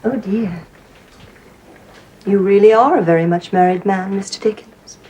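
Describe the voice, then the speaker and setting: A woman's voice: medium pitch, measured pace, warm tone, natural voice. A poised, coolly teasing lady, played by a woman in a 1970s period drama. A faint hiss sits under the old soundtrack.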